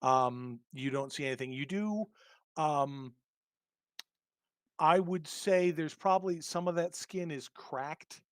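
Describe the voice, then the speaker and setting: A man running a tabletop horror game as game master, describing scenes with many pauses and filler words. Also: a little high, no echo, studio quality.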